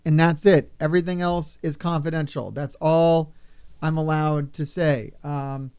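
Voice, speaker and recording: Excitable, swearing man with a clear voice. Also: on the high side, unhurried. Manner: excitable, rambling and profane. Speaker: gaming YouTuber. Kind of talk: off-the-cuff vlog chat.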